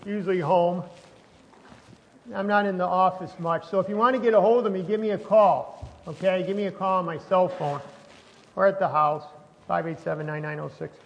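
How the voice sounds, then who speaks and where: A man's voice: sits high, fairly even intonation, normal speed, muffled recording, slight background noise. A man, a pastor, preaching a conversational sermon while chewing gum, with frequent restarts and rising emphasis. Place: church sanctuary. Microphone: not wearing his lapel mic. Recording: long hall reverb.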